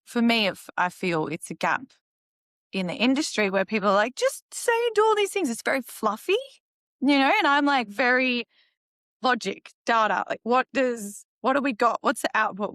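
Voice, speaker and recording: Woman podcast host, mid-pitched, animated and emphatic, dry close mic. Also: no room sound. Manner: animated, emphatic, talks in quick bursts. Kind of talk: conversational interview hosting.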